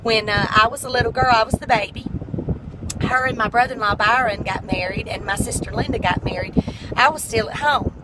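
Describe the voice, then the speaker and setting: A middle-aged woman vlogger chats casually in a slightly high voice, speaking a little fast over a noisy background. Her manner is folksy and heartfelt, at times tearful.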